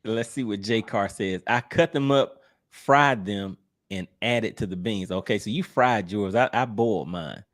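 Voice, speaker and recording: A man's voice: on the low side, measured pace, fairly bright tone. A man hosting a livestream, reading viewer comments aloud in an easygoing, teasing way and laughing often. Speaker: livestream host.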